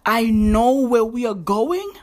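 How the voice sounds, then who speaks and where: A woman's voice: a little high, lively intonation, slow pace, a little mellow. A woman voicing her cocky teenage younger brother, who brags in swaggering slang. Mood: boastful.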